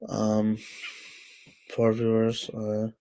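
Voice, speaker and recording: A man hosts a casual livestream and answers his chat at an unhurried, drawn-out pace. His talk is thick with fillers and restarts, and he keeps scolding trolls. It sounds like he is speaking into a home streaming mic. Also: on the low side, completely flat delivery, dark tone. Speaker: livestream host.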